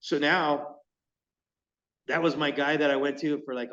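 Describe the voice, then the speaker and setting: A man's voice: on the high side, measured pace, far from the mic, dull audio. A man who makes fishing lures, telling stories in a casual chat and acting out the quoted exchanges. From California. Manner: animated, acts out quoted exchanges. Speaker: lure maker, podcast guest.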